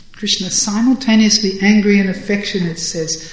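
A storyteller reading a devotional tale with measured, deliberate narration and brief commentary. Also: mid-range voice, steady tone. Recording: roomy echo.

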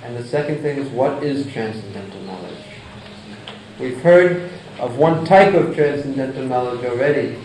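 A man's voice: medium pitch, darkish tone. Man lecturing in an echoey hall. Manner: deliberate, chants Sanskrit verses, explains by example. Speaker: religious lecturer. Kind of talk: scripture lecture. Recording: echoey hall, distant mic, faint noise.

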